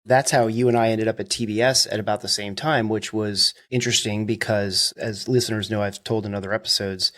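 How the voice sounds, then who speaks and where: A man's voice: fairly low pitch, steady tone, fairly quick, hardly any pauses, a bit bright. A man hosting a podcast, clarifying points for listeners and prompting his guest. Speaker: podcast host, interviewer. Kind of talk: interview questions.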